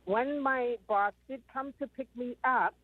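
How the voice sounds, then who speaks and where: On a tinny phone line, a woman in her fifties calls in and retells her story in a rambling way, saying "um" a lot. Her voice is fairly high and her pace a little slow.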